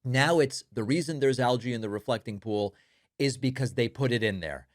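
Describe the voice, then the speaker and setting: A man's voice: mid-range voice, normal speed, no echo, studio quality. A man hosting political commentary, talking sardonically over speech clips and mocking the quotes.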